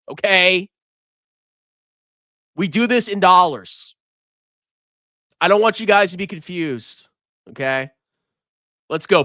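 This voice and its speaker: A man's voice: fairly high pitch, unhurried, pauses often, bright, forceful tone, no echo, studio quality. A man hosting a live finance stream, reading viewer messages and mocking them with frequent laughter. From United States. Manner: teasing, mocking, laughs often. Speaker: livestream finance host.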